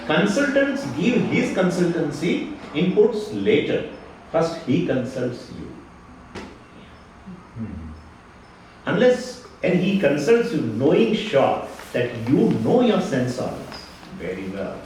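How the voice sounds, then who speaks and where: A man giving a spiritual lecture, lively and fond of rhetorical questions and repeated phrases. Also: on the high side, takes it slowly, far from the mic. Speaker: Vedanta teacher. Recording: echoey hall, speaker away from the mic, faint noise.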